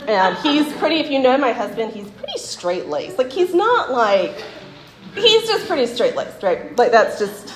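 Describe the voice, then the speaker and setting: Woman in her forties, lively chatty Bible teacher, lots of "like", echoey room. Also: on the high side, a little slow. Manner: chatty, laughing, full of "like" and "right?". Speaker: women's Bible study speaker. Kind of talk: casual teaching talk with stories.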